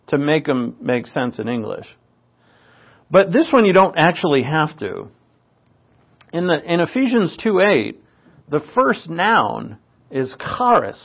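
A man's voice: fairly high pitch, husky. A man teaching a Bible passage from the Greek, explaining and emphatic, often restarting his phrases. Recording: dull lo-fi recording.

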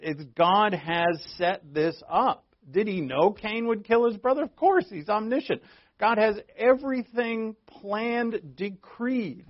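A man preaches a sermon to his congregation in an easy, conversational manner, throwing in jokes along the way. His voice sits a little higher than most men's. The recording is muffled and lo-fi, probably from a church. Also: creaky. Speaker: pastor. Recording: dull lo-fi recording.

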